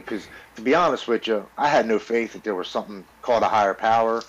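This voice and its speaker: A man's voice: fairly low pitch, fast, muffled recording, slight background noise. A man in his forties, a podcast guest, earnestly telling his recovery story in a blunt, swearing, casual way.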